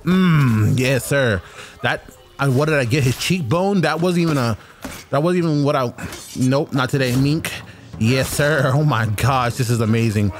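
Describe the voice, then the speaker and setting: Excited young man playing a game. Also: medium pitch, moderate pace, soft background music. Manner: excited, trash-talking enemies, chatty. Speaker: gaming streamer. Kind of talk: let's-play commentary.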